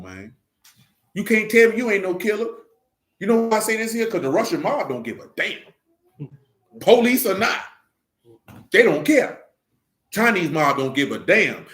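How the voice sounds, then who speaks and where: A man's voice: a little high, fairly bright tone. A man talking in a casual, preaching way, emphatic and fond of rhetorical questions. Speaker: religious discussion leader. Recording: echoey room.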